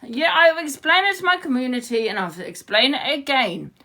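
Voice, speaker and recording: Woman, livestreamer, heated rant to viewers, swears freely, gravelly edge, phone mic. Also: high-pitched, big pitch swings, moderate pace, sharp tone, slight background noise. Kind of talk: ranting live stream to viewers.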